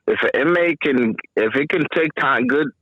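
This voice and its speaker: A man's voice: medium pitch, moderate pace, husky, no echo, highs cut off. A man, a former corrections officer, talking casually on a podcast about his work, matter-of-fact and repeating phrases for emphasis.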